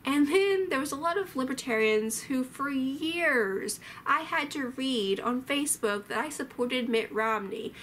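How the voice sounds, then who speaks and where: High-voiced woman, wry and chatty. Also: unhurried, hardly any pauses, slight background noise. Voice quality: animated, sarcastic, drops into asides. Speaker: vlogger. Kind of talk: casual commentary on old clips.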